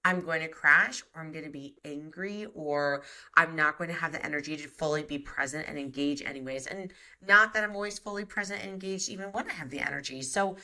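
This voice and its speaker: A woman co-hosting a podcast, talking in an animated, reflective, chatty way. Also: deep voice, a little fast. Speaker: podcast co-host. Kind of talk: casual podcast chat.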